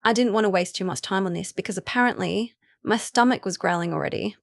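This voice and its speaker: A woman's voice: medium pitch, quick pace, vocal fry, no echo. Woman narrating a story, dry and close. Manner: casual, chatty asides to the listener. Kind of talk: first-person story narration.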